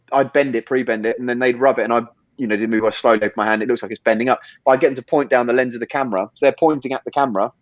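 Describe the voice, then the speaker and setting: A man, a guest on a podcast, telling stories in a quick, rambling way, full of fillers and restarts. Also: mid-range voice, no room sound, dull audio. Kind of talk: casual interview chat.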